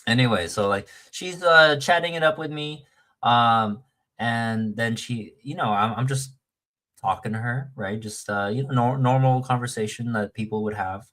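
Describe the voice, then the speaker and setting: A man's voice: mid-range voice, normal speed, bright, forceful tone. A man telling a long story in casual chat, rambling with many fillers and restarts and acting out the quoted lines.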